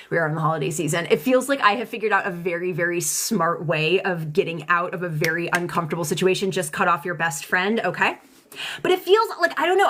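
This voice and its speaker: A woman's voice: mid-range voice, a bit bright, a little hiss or hum. A young adult woman giving a live-streamed tarot reading, talking in an emotional, rambling way with many restarts and casual swearing. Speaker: tarot reader. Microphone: phone or webcam mic.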